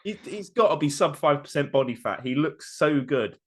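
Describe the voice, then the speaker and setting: A man's voice: on the high side, expressive, normal speed. A man co-hosting a podcast, chatting animatedly, laughing often and swearing casually. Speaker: podcast co-host. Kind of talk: casual wrestling review chat.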